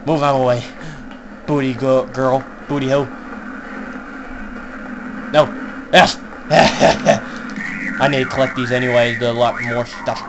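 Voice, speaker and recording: A young man giving casual, joking commentary while playing an online horror game, swearing and laughing often and shouting when startled. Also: medium pitch, little pitch movement, slow pace, long pauses, lo-fi sound, noisy background. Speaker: gaming YouTuber. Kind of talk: casual let's-play commentary.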